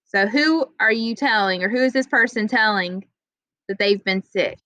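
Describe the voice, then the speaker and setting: A young adult woman teaching an online writing class, patient and encouraging, reading example sentences slowly. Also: medium pitch, sharp tone, no room sound, highs cut off. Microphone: video call.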